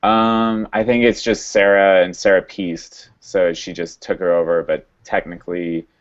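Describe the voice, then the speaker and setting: A man hosting a podcast, casually recapping a TV episode in a halting way with many fillers and restarts. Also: low voice, little pitch movement. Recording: dull lo-fi sound.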